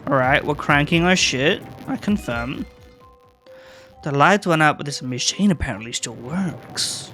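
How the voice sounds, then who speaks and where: A man's voice: fairly high pitch, expressive, unhurried, pushed and bright, soft background music. A man casually commenting while playing a video game, reading the game's text aloud and swearing offhandedly.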